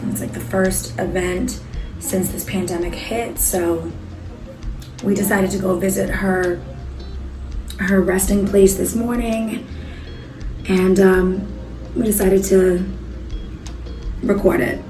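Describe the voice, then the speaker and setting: A woman's voice: medium pitch, level tone, takes it slowly, pauses often, warm tone. A woman in her late thirties, chatting casually to camera as a vlogger, telling stories with many fillers. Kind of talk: casual vlog chat. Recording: roomy echo, music in background.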